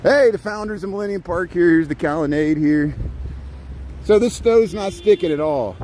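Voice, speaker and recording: A middle-aged man talks to his livestream viewers while he walks outdoors through wet snow, his voice set a touch high for a man. He rambles, chuckles often and greets people by name, with faint traffic hum around him. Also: normal speed, a little mellow. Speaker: live-streaming vlogger. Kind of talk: casual walking livestream chat.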